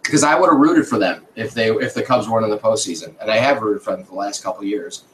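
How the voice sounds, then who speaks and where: A man's voice: fairly low pitch, quick pace, slight background noise, poor audio. A man host telling a casual story in a podcast chat, swearing freely and breaking into laughter.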